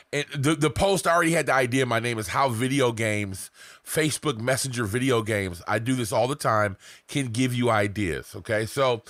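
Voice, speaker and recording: A man's voice: mid-range voice, fairly bright tone, no room sound. A man coaching beginner marketers in a casual, rambling, profane way, often mocking himself. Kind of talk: casual teaching to camera.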